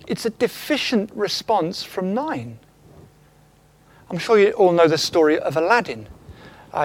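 In a church, a man with a high voice delivers an animated sermon, acting out quotes and asking the congregation questions. There's no room sound on the recording.

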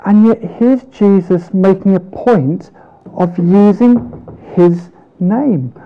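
A man preaching a sermon, earnest, with rhetorical questions and slow, emphatic pauses. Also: sits high, narrow, tinny audio.

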